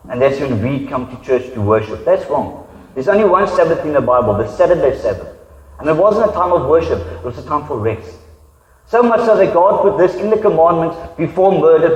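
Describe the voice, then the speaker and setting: A man, a pastor preaching a conversational sermon and acting out quoted voices. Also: a little high. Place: church hall. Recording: echoey hall, dull sound.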